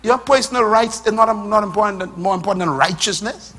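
A middle-aged man with a Bahamian accent preaching a sermon. He builds from slow reading up to fiery shouts and calls on the congregation to answer. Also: sits high, husky.

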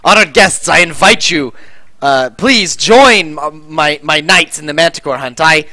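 A man's voice: on the high side, unhurried, sharp tone, no room sound, pitched above the performer's own voice. A man voicing a proud male knight commander who speaks formally to his guests. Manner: formal and courtly.

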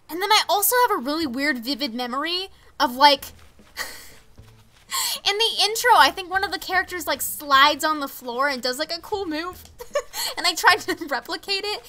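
A woman's voice: high-pitched, bright, forceful tone. A teenage girl streaming a life-sim game, chatting casually with viewers and reacting to the villagers. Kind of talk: casual live-stream chat while gaming.

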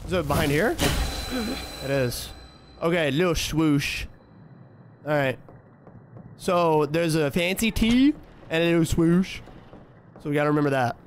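Young man, streamer, profane running commentary, fairly high voice, faint background hum. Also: a little slow, long pauses. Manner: profane, trash-talking, jumps to frantic yelling when scared. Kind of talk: horror game let's-play commentary.

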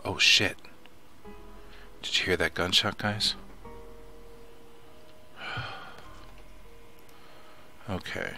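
A man's voice: low-pitched, fairly even intonation, very slow, long pauses, bright, forceful tone, faint music behind. A man casually commenting as he plays a survival game, chatty, muttering to himself and swearing when something startles him. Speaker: let's play host.

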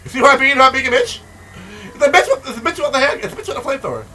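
Loud, profane man gaming. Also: very high voice, racing, a little hiss or hum. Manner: profane, excitable, shouting outbursts and repetitive rants. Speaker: gaming video host. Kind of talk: let's-play commentary.

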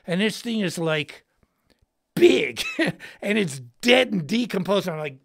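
A man with a bright, gravelly voice hosts a livestream and tells a story in an animated way. His pitch sits a little high and swings widely, and he throws in slang and shouted words for emphasis. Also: measured pace. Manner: slangy, says dude and bro. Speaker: host and guitarist.

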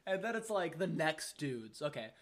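A podcast host telling a story in casual, profane chat, laughing often and talking with animated energy. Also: mid-range voice, normal speed.

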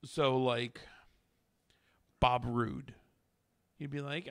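A man's voice: mid-range voice, a little fast, a bit bright, no room sound, clean studio sound. A man co-hosting a podcast, bantering bluntly with jokes and casual swearing. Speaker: podcast co-host. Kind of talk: casual chat.

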